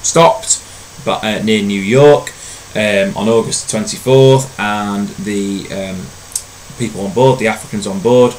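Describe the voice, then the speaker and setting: A lower-pitched man explains a history topic like a teacher talking to his own class. He is relaxed and conversational and fills his pauses with ums and uhs. A faint hiss sits under the recording. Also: poor audio.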